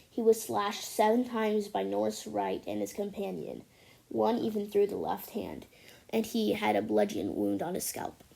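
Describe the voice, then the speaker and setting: A woman narrating a homemade stop-motion history movie in a lively way, switching between telling the story and speaking character lines. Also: mid-range voice, gravelly.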